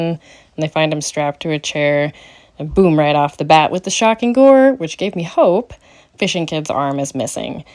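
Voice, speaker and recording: A middle-aged podcast host tears into a bad movie, summarizing it with snarky, mocking remarks. Her voice shoots up suddenly each time she goes for a joke.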